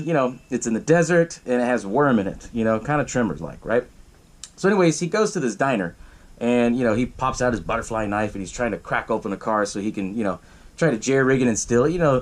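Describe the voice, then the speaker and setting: A man's voice: mid-range voice, rough recording. A man hosting a podcast, recapping a movie in a loose, profane way and laughing often. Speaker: podcast host.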